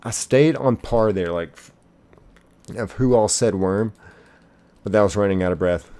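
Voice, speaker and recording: A male streamer on a live gaming broadcast, rattling off chat messages one after another in a playful, excitable way. His voice sits a little low and sounds warm and dark. He talks loosely and casually, like he's hanging out with his viewers. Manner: reads chat messages aloud in quick succession, playful and excitable; casual, uses "y'all".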